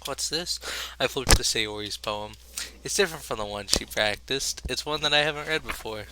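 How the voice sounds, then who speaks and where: A man's voice: medium pitch, normal speed, heavy background noise. A man playing through a visual novel, reading the narration aloud and adding profane, joking commentary. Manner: profane, jokey, reads narration with rising emotion. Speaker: let's play host.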